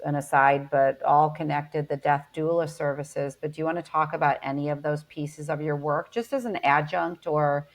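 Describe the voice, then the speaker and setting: Female podcast host, deep even voice, affirming listener asking gentle questions. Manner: warm affirming listener, frequent agreement. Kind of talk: casual interview conversation.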